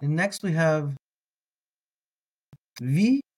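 A man teaching a reading lesson, patiently repeating each word slowly for listeners to echo. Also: fairly high pitch, animated, husky. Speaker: language teacher.

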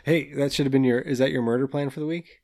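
A man's voice: medium pitch, fairly even intonation, fast, darkish tone. A man co-hosting a casual podcast, reacting with wry jokes. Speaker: podcast co-host. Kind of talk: casual chat.

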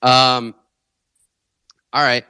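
A man's voice: mid-range voice, little pitch movement, extremely slow, sharp tone, clear, resonant tone, no room sound. Jokey man on a dry mic. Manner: jokey, laughs often, restarts. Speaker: co-host. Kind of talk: casual podcast chat.

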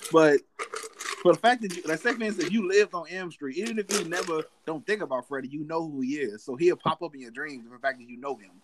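A man hosting a casual podcast chat, animated and profane, laughing often. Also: fairly high pitch, quick pace, background noise. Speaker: podcast host.

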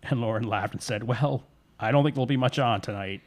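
A man casually retelling a spooky story, slipping into the characters' lines as he goes. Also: medium pitch. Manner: relaxed, voices characters' lines in quick asides.

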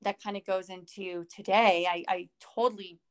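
A woman's voice: mid-range voice, fairly even intonation, moderate pace, clean tone. A woman co-hosting a podcast, talking casually and rambling, with many fillers and restarts. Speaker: podcast co-host.

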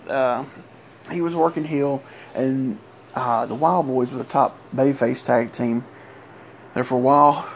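A middle-aged man, a former wrestler telling an old story casually, halting and rambling with many fillers. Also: mid-range voice, gravelly, a little mellow, a little hiss or hum.

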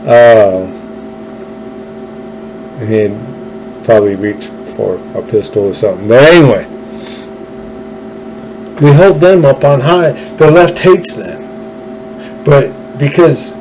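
A man's voice: mid-range voice, slow pace, pauses often, darkish tone, slight background noise, rough recording. A man delivering an opinionated political monologue, ranting emphatically and repeating phrases for effect. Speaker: political podcast host.

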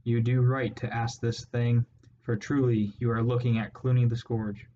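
A menacing one-eyed male rat warlord speaks with gruff scorn, as a man reading a storybook puts him on. His delivery stays flat and cold. The audio is dull and lo-fi, with a faint hiss underneath. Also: mid-range voice, moderate pace, close to an everyday voice. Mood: scornful.

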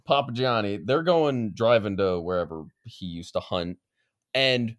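A woman's voice: a bass voice, unhurried. A woman in a casual podcast chat who swears and laughs a lot while telling stories.

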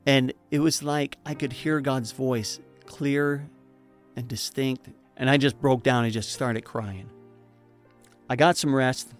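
A man's voice: medium pitch, steady tone, slow pace, faint music behind. A man telling his personal testimony in an earnest, emotional way, with preacher-like emphasis. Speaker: speaker giving a personal testimony.

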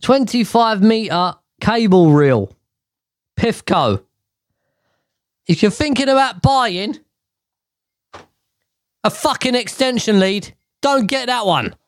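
A man's voice: high voice, expressive, takes it slowly, long pauses. Sweary, rambling man in his thirties. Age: 30s. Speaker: podcast host. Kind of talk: casual solo podcast chat. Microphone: podcast mic.

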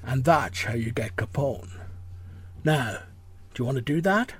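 A man doing a comic impression of a famous Scottish actor as a gruff older cop, with slushy s sounds. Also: on the high side, big pitch swings, moderate pace, darkish tone. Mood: hammy. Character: gruff older Irish cop with a Scottish film-star lilt, hamming it up.

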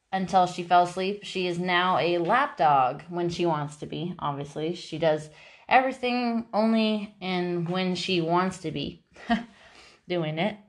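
A woman chatting casually about her dogs, rambling with many restarts, laughing often and jumping high into playful quoted voices. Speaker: dog owner.

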